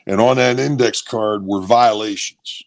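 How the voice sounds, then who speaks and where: Sixties ex-football guest, gravelly, punchy storyteller. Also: male voice, fairly low pitch, unhurried. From Maryland, USA. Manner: lively, punchy anecdotes with repeats. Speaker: former football player, guest. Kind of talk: animated storytelling.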